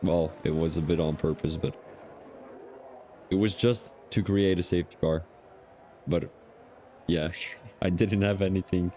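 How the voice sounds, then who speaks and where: Low, dark-voiced male race commentator. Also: steady tone, measured pace, pauses often, a little hiss or hum. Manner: chatty, drifts into rambling personal asides. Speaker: sim racing league commentator. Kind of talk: casual live stream race commentary.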